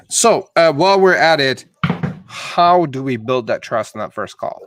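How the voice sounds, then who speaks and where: A man's voice: mid-range voice, lively intonation, measured pace, fairly bright tone, no room sound, studio quality. A man hosting a casual interview and agreeing often with short affirmations. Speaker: podcast host.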